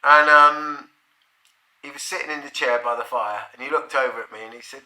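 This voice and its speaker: Heard in a room with noticeable echo, a middle-aged man shares a casual personal anecdote. He rambles, curses, and chuckles, speaking briskly in a mid-range voice that comes across pushed and bright.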